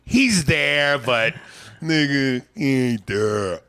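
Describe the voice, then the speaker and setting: A man co-hosting a comedy podcast, talking in a profane, mocking, animated way on a close mic. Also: mid-range voice, extremely slow. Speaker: podcast co-host. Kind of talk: casual comedic chat.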